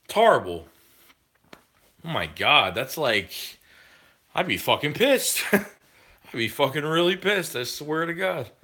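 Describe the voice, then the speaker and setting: A man's voice: on the high side, big pitch swings, measured pace, long pauses, bright, forceful tone, slightly rough. A man streaming live, talking with chat in a heated, profane rant about football.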